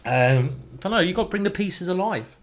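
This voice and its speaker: A man's voice: high-pitched, expressive, moderate pace. A man streaming a chess game, chatting and thinking aloud as he plays, with mild swearing. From England. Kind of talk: live game commentary.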